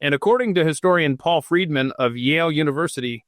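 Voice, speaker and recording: A man's voice: fairly high pitch, fast, no room sound, clean studio sound. Rambling jokey man on a podcast. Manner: rambling and jokey, reading aloud and stopping to riff. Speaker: podcast host. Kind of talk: casual solo podcast monologue. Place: home studio.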